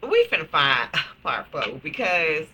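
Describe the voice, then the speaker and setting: A woman hosts a reaction video, commenting casually in a slow, drawn-out delivery. Her voice is slightly low but swings widely in pitch. Her tone is very bright and sharp. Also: a little hiss or hum. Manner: slow, expressive, quick to laugh. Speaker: reaction channel host.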